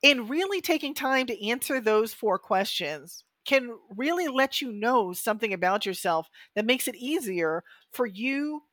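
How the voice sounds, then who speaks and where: A woman in her fifties, co-hosting a podcast in a casual, animated way and acting out her own thoughts. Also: a little high, a little slow, hardly any pauses, no echo, studio quality. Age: 50s. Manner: animated, acts out quoted thoughts. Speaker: podcast co-host.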